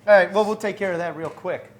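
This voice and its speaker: A man hosting a cooking show in a studio kitchen, walking through a recipe step by step in an upbeat, joking way. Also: high-pitched. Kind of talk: on-air cooking demonstration.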